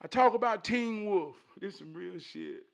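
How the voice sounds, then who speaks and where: A man giving a casual motivational talk in an animated, preachy way, with streetwise slang. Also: high-pitched, normal speed, gravelly.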